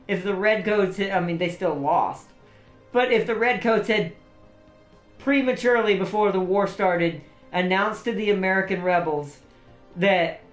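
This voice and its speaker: A man hosting a livestream, chatting casually and laughing often, rambling with restarts. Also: high-pitched. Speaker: livestream host. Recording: roomy echo, faint music behind.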